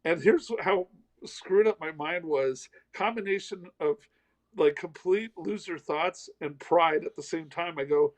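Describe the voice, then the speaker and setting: A man's voice: fairly high pitch, measured pace, low-quality recording. A middle-aged man from the American South, a comedian telling a self-deprecating story in a casual interview. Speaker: comedian guest.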